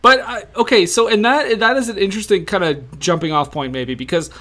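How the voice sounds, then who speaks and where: A man co-hosting a podcast, chatting about a film in a hesitant, halting way with many fillers. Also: high-pitched, sharp tone. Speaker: podcast co-host. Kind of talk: casual film review chat.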